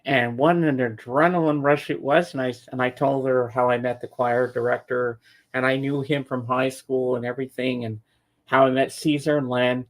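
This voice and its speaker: This show regular has a steady, mid-range voice and a moderate pace. Chatting casually on a podcast, he tells a long story from his own life, wandering off track, restarting sentences, repeating words, and voicing other people's lines as quotes.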